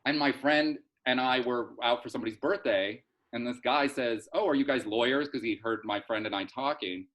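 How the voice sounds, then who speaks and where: A man's voice: medium pitch, normal speed, hardly any pauses, fairly bright tone, poor audio. A middle-aged man, a soap opera writer, chatting through a rambling story in a casual interview, full of fillers and restarts.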